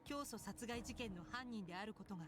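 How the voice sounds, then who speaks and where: A woman voicing an earnest young female detective in a video game, speaking in a polite, measured, formal way. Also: on the high side, natural voice. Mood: serious. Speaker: game character. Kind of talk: Japanese game voice acting. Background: game music.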